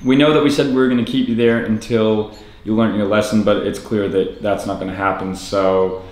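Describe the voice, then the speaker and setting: A man's voice: on the low side, little pitch movement, brisk, a little mellow, roomy sound, close to an everyday voice. A man playing an awkward father on a call to his son, hesitant and full of fillers. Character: awkward American dad on a phone call.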